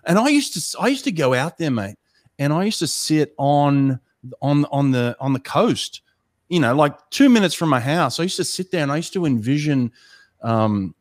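A man with an Australian accent hosting a casual interview, relaxed and chatty, asking follow-up questions. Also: fairly high pitch, normal speed, dry recording, clean studio sound. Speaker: interview host.

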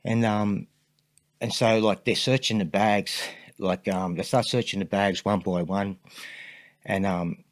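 Low-voiced Australian man telling stories. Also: fairly even intonation, measured pace, no room sound. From Sydney, Australia. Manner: rambling, filler-heavy storyteller. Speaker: podcast guest. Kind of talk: casual storytelling interview.

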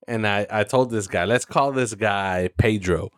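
Animated man telling a story. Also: fairly low pitch, dry recording, clean studio sound. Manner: animated, profane storytelling with voiced quotes. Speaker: podcast co-host. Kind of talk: casual storytelling chat.

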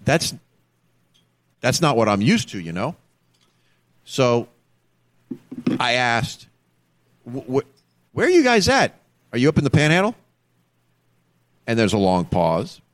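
A man's voice: mid-range voice, slow, long pauses. A man, a former state trooper, telling a story in casual chat and acting out the voices of the people in it. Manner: animated storyteller, acts out the people he quotes.

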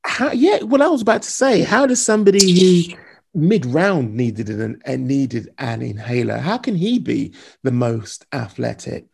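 A podcast co-host in casual sports chat, lively and encouraging, sometimes rushing ahead. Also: mid-range voice, vocal fry, slightly rough.

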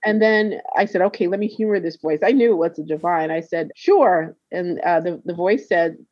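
Her voice sits lowish and moves at normal speed as the therapist and healer recounts a personal story in conversation. She laughs frequently and acts out quoted voices. There's no room sound; the dry recording is dull and a bit lo-fi.

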